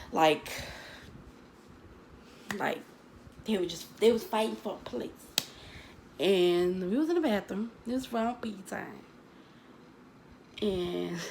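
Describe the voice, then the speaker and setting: Gravelly slow-talking woman telling a story. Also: mid-range voice, a little hiss or hum, poor audio. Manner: chatty, dramatic, addresses viewers as girl and baby. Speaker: storytime vlogger. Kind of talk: casual storytelling to viewers.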